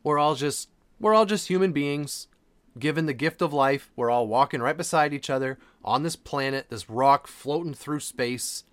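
A man's voice: fairly high pitch, normal speed. A man hosting a podcast, talking casually and earnestly, repeating phrases for emphasis. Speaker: podcast host.

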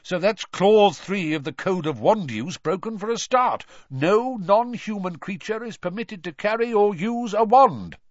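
A man does a blunt ministry wizard with a raised, carrying voice. He is stern and emphatic, and his pitch swings widely. The sound is dry and dull. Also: lively intonation, measured pace, hardly any pauses, no room sound. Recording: dull lo-fi recording.

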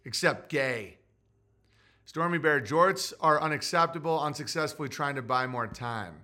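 Brash, bright-voiced man ranting on a stream. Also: on the high side, moderate pace. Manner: loud, rambling and mocking, often swinging into mock voices. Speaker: podcast host. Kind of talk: livestream monologue reading chat.

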